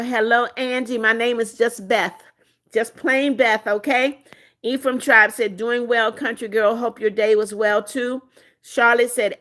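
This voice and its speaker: Middle-aged woman, friendly livestream host, higher voice, reads out chat comments. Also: a bit bright. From United States. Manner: friendly, reads chat messages then answers them. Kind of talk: casual live chat, reading comments aloud.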